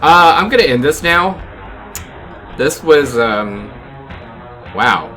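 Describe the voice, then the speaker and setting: A man's voice: medium pitch, animated, slow pace, pauses often, sharp tone, soft background music. A young American man giving casual, rambling gameplay commentary as a YouTuber, saying "like" a lot. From United States. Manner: casual, rambling, heavy use of "like". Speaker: gaming YouTuber.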